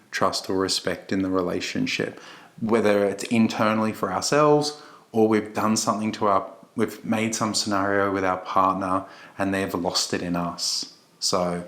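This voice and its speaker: Man, very low voice, earnest coach who loves a metaphor. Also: a bit bright. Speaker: podcast co-host, relationship coach. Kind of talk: casual podcast conversation.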